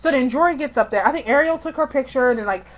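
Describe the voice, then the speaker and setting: A woman vlogger telling a story to her viewers in a chatty, excitable, slangy way. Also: high voice, fast, phone-quality sound.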